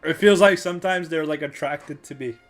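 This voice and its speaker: A man's voice: on the high side, brisk, soft background music. A man from Canada chatting on a podcast, rambling with restarts and fillers and laughing often. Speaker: podcast co-host. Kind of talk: casual chat.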